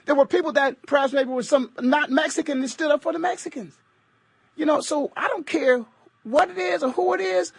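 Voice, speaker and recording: A middle-aged American man hosts a talk radio show, driving his points home with emphatic, preachy repetition. His voice sits very high for a man, and the sound is dry and close. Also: creaky, breathy edge, no room sound. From United States.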